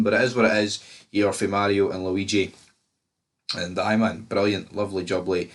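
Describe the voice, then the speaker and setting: A Scottish man with a fairly low voice talks through a film review in loose, casual chat. He rambles from point to point and swears freely as he goes. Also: flat delivery, normal speed. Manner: rambling, swears freely, frequent fillers and restarts. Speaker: movie reviewer.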